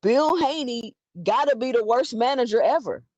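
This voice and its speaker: A woman's voice: fairly high pitch, dry recording. A woman giving an opinionated boxing commentary, emphatic and full of rhetorical questions. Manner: animated, emphatic, rhetorical questions, quick restarts. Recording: dull lo-fi dry sound.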